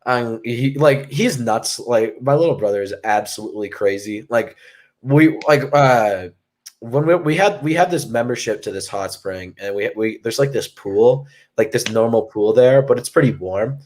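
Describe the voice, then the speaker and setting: A man's voice: mid-range voice, lively intonation, moderate pace, a little mellow. A young man co-hosting a casual show and telling a long story to a live chat. His talk is rambling and profane, full of fillers and restarts. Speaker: podcast co-host.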